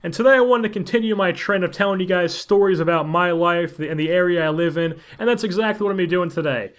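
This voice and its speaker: Young man, Central Jersey accent, slightly high voice, sarcastic storyteller, casual gaming commentary. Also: fast talker. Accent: Central New Jersey. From Central New Jersey. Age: late teens. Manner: joking, sarcastic asides, rising emphasis. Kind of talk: casual storytelling over gameplay.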